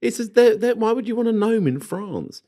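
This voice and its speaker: A man's voice: high-pitched, animated, normal speed, dark tone. A middle-aged man co-hosting a garden podcast, chatting and joking with a laugh never far away. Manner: jokey, chatty, laughs often. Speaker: podcast co-host. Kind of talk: casual banter.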